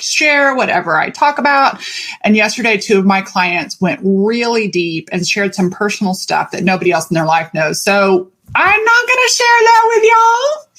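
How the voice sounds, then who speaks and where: Chatty woman podcast host. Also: mid-range voice. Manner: energetic, chatty, swears freely. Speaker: podcast host and life coach. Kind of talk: casual podcast monologue.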